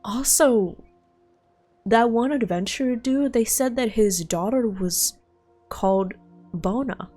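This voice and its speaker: Woman streaming, reads game dialogue kinda dramatic then chats to chat, a bit high voice, soft game music behind. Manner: reads scripted lines with dramatic pauses, breaks off to chat; laughs and apologizes while stumbling over names.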